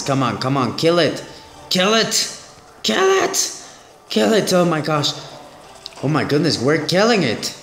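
A man hosting a gaming channel, commenting excitedly on a mobile game, exclaiming and repeating his phrases. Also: high voice, echoey room.

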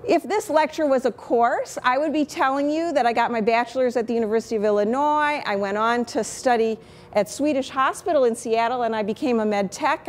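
Chatty Chicago-accented woman professor. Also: a little high. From Chicago, USA. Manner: candid, chatty, self-deprecating. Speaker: microbiology professor. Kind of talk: teaching talk on lecturing.

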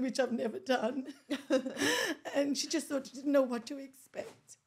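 A woman's voice: high-pitched, steady tone, normal speed. An Australian woman, a podcast guest, telling a painful personal story and often sinking to a near whisper at the hardest moments.

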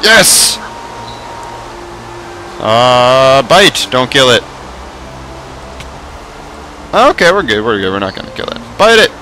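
A young man commentating a Minecraft Pokemon mod let's play, excitable, swearing and shouting at the game. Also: medium pitch, measured pace, a little hiss or hum, low-quality recording. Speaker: gaming YouTuber.

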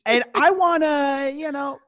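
A man's voice: very high voice, measured pace, a bit bright. A young man hosting a casual comedic chat, playfully enthusiastic and joking. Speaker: host.

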